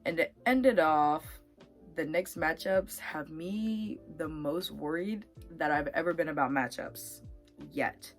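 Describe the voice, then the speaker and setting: Young woman vlogger, low voice, chatty reaction talk, quickly gets fired up; soft music underneath. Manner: animated, talks herself into getting worked up. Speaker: vlogger reacting to a reality dating show. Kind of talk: casual chat.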